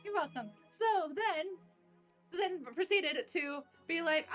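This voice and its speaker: A woman's voice: high-pitched, expressive, moderate pace, a bit bright, faint music behind. A young woman recapping a tabletop game session, bubbly and laughing as she acts out bits of dialogue. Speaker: player recapping a tabletop campaign. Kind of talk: casual recap chat.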